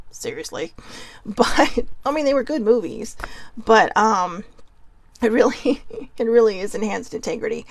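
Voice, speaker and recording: A woman's voice: a little high, animated, unhurried, no room sound. Goofy, chatty woman hosting a talk. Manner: goofy, chatty, laughs often. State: a little nervous. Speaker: podcast host. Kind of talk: casual self-help talk.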